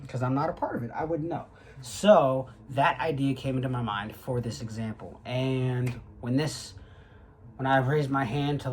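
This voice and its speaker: A man's voice: medium pitch, a little hiss or hum, low-quality recording. A young man in his twenties, a graduate student, talking to the camera in a rambling casual vlog with lots of fillers and swearing. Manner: rambling, with frequent fillers and profanity.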